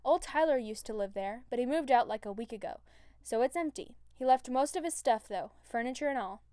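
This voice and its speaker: A woman's voice: fairly high pitch, expressive, brisk, mellow, dry recording, studio quality, lightly acted. Woman reading a laid-back archer dude, offhand and rambly. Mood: casual. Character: easygoing male archer, rambling and casual.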